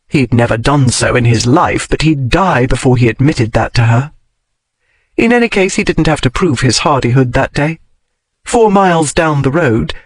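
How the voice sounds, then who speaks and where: A man narrating a historical romance audiobook in an expressive storytelling manner. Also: medium pitch, no room sound, poor audio. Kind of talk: scripted narration.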